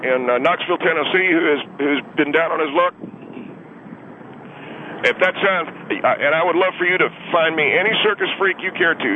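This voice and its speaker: An indignant middle-aged caller, voiced by a man, who defends himself in stammering rambles. His voice sits a bit high and comes through a tinny, narrow phone line. Road and car noise are clearly heard behind him. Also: lightly acted.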